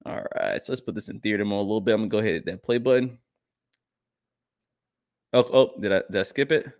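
A young podcast co-host with a fairly low, darkish voice talks fast in casual banter, joking, drifting into asides, and laughing often. He's on a desk mic while sharing his screen.

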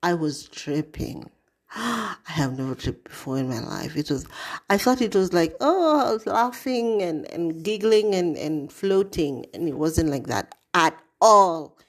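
Middle-aged woman podcast host; unhurried, lowish voice; expressive, cussing storyteller. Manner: expressive, swears freely, dramatic asides. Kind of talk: casual storytelling monologue.

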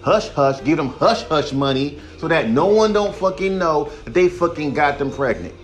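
Soft, faint music sits behind a young man venting on his solo podcast, his voice a touch high and his delivery animated at a moderate pace. The rant is heated and profane, with occasional mocking of others in put-on voices.

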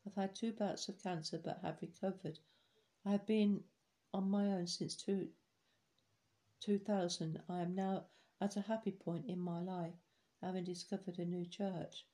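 Woman reader for life-story recollections, relaxed, even delivery. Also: fairly low pitch. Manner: steady, unhurried reading with small restarts. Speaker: reader of collected life stories. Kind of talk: reading memoirs aloud.

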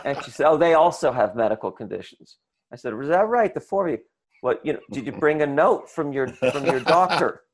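A man telling a comic story to an audience, animated and acting out the people in it. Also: on the high side, brisk. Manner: animated, acts out voices and shouts in the retelling. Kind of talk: comic anecdote told to an audience.

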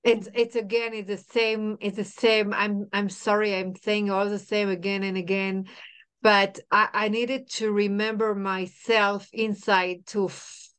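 Middle-aged woman, podcast guest; smooth voice, halting restarts, repeats herself. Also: medium pitch, little pitch movement, fairly bright tone. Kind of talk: emotional personal storytelling.

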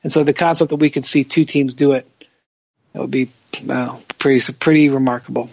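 A man's voice: mid-range voice, fairly even intonation, a little fast, creaky, husky, no room sound. A tired man hosting a casual podcast chat, hesitant and restarting his sentences often. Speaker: podcast host. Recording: slightly muffled dry audio.

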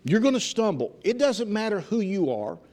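A man's voice: high-pitched, sing-song, normal speed, a little mellow. A man preaching a sermon in church in a fervent, repetitive way, restarting his phrases as he goes. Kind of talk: evening sermon. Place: church with a congregation answering.

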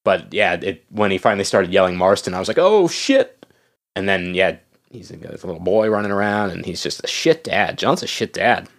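A man's voice: low-pitched, fairly even intonation, fairly quick, a bit bright. A man in casual chat about a video game, laughing often and swearing freely.

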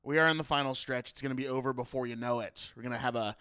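A man's voice: mid-range voice, fairly even intonation, racing, bright, forceful tone, clean tone, dry recording, studio quality. A young man hosting a podcast in a playful, joking casual chat, laughing often. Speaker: podcast host.

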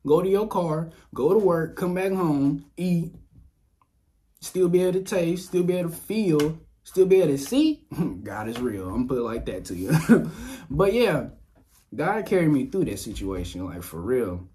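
A young man from Louisiana hosting a podcast, sharing a casual personal testimony, animated and laughing often as he talks straight to his listeners. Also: a little high, moderate pace. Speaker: podcast host. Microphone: dynamic mic on boom arm.

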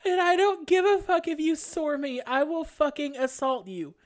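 A woman's voice: sits high, normal speed, hardly any pauses. A woman reading an angry email aloud in casual chat, acting it out with profanity and breaking into laughter.

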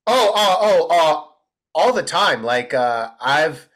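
Bright-voiced man telling animated stories. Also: a little high, slow pace. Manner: animated, acts out quotes in big voices. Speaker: comedian guest. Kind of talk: casual storytelling chat.

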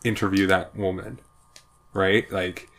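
A man's voice: low voice, level tone, measured pace, a bit bright. A man co-hosting a casual podcast, explaining the shows he loves with enthusiasm. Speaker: podcast co-host.

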